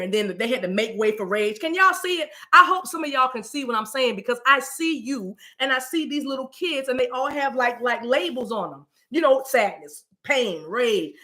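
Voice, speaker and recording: A middle-aged woman giving a live-streamed spiritual reading, rambling and colloquial, often saying y'all and "you know what I mean". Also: fairly high pitch. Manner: animated, breaks into voices and asides. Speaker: psychic reader.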